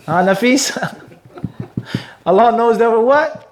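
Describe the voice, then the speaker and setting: A mufti leads a religious hadith class, his voice notably high-pitched with a darkish tone. He draws the room in with call-and-response questions and moves briskly through Arabic passages in this lecture.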